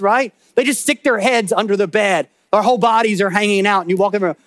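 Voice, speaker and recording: A man with a notably high voice delivers a church sermon, close and dry with no room sound. He talks animatedly, acting out little quotes and voices, then sinks into a lower, grave tone for warnings. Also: brisk, few pauses, a bit bright, dry recording. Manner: drops to a low, serious tone for warnings. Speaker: pastor.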